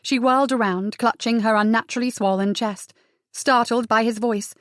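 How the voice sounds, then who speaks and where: A woman's voice: a little high, fairly even intonation, moderate pace, dry recording, clean studio sound. A woman narrating a historical romance audiobook steadily and expressively. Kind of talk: scripted narration.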